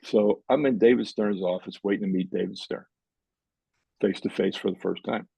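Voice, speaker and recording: Gravelly low-voiced older man telling a story. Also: moderate pace, no echo, rough recording. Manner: animated storyteller, acting out quoted dialogue. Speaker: podcast guest, sport business professor. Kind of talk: storytelling in a podcast interview.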